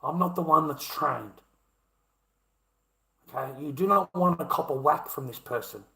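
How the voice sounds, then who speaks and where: A man's voice: fairly high pitch, measured pace, vocal fry, pushed and bright, echoey room, low-quality recording. A man telling a rambling personal story, full of slang and calling the listener mate and bro. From Australia.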